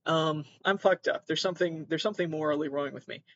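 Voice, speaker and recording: A man hosting a podcast, ranting in a profane, self-deprecating way, with sudden loud outbursts and mumbled asides. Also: fairly high pitch, fast, muffled recording, a little hiss or hum. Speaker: podcast host. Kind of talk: comedic rant.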